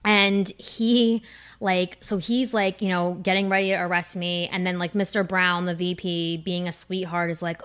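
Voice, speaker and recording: Animated woman telling a comic story. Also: lowish voice, normal speed, smooth. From New Jersey. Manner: animated, acts out quoted voices. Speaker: comedian guest. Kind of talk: casual podcast storytelling.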